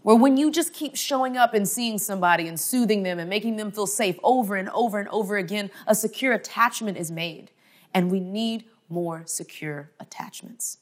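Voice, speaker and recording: Woman preaching-style faith talk, chatty, keeps saying like and okay, goes soft and quiet to drive points home. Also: medium pitch, moderate pace. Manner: emphatic and conversational, frequent "like" and "okay?". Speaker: conference speaker. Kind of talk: motivational faith talk to an audience.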